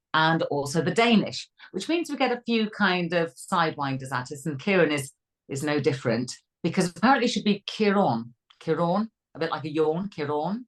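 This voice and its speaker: A woman co-hosting a weather podcast, chatty and lively with jokey asides. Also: low-pitched, poor audio. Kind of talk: casual chat.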